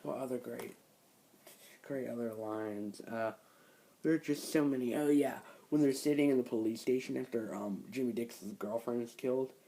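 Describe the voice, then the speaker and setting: A man's voice: mid-range voice, normal speed, warm tone, slight background noise, low-quality recording. A young man casually reviewing a film, retelling scenes in a rambling way, full of fillers and "like.". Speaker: movie reviewer.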